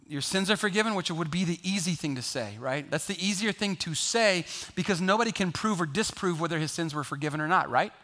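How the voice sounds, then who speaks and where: A man preaching a sermon in a lively, conversational way, joking and acting out the people in the story. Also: a little high. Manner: lively, conversational preaching with jokes and acted-out voices. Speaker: pastor.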